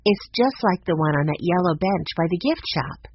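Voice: mid-range voice, animated, normal speed, a little hiss or hum, close to an everyday voice. A storybook narrator voicing a sensitive, artistic young girl, in a slightly muffled recording. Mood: earnest.

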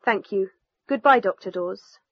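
A woman's voice: mid-range voice, unhurried, husky, no echo. A woman reading a worried, polite mother calling the doctor in a textbook dialogue. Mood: concerned. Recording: dull lo-fi recording.

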